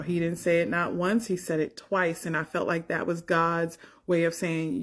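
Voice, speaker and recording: A woman's voice: fairly low pitch, flat delivery, normal speed, few pauses, slight background noise. A woman in her forties, a faith coach, sharing an earnest and emotional personal testimony and speaking straight to the listener. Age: 40s.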